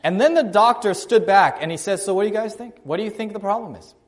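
A preacher shares a personal story in his sermon with an easy, conversational feel, changing volume and speed for emphasis. He's a fast talker with an expressive, high-pitched voice.

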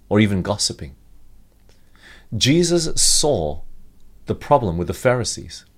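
A man's voice: on the low side, darkish tone. A middle-aged man preaching a sermon, asking the congregation questions and reading scripture aloud.

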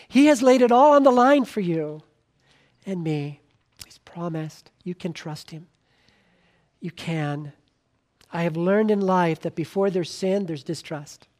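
Preaching in an earnest way, this high-voiced man swings between emphatic lines and soft, quiet appeals, frequently starting over mid-thought.

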